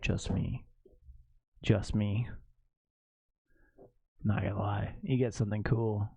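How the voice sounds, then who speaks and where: A man's voice: on the low side, steady tone, slow, creaky, a little mellow, slightly rough, dry recording, lo-fi sound. A man chatting casually as a streamer, giggling often and swearing freely. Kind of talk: casual chat.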